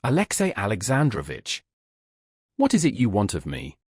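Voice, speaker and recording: A man's voice: fairly low pitch, huge pitch swings, moderate pace, a little mellow, slightly rough, dry recording, clean studio sound, exaggerated voice. A man reading the lines of a frightened, guilty young noblewoman in a timid, earnest way.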